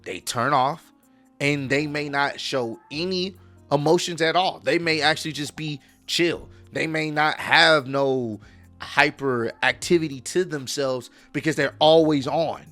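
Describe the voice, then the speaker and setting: A man casually reacting to a video and chatting in a relaxed, slangy way. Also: fairly high pitch, unhurried. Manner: laid-back, chatty slang. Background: faint instrumental music.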